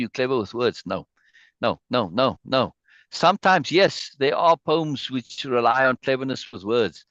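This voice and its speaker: A man's voice: medium pitch, a bit bright, no echo, muffled recording. A man leading an online meeting, emotionally praising a poem and reading it aloud, repeating words as he goes. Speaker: spiritual group leader. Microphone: video call.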